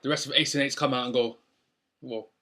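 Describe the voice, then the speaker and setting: A man's voice: mid-range voice, steady tone, a little fast, sharp tone. A young man recapping a wrestling show in a casual, rambling way with lots of ums. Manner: rambling, many ums and restarts.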